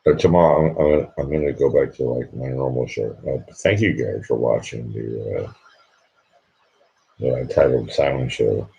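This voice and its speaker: A sleepy man hosting a late-night livestream, talking quietly and rambling so he won't wake anyone at home. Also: a bass voice, moderate pace, vocal fry, dull audio. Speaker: livestream host.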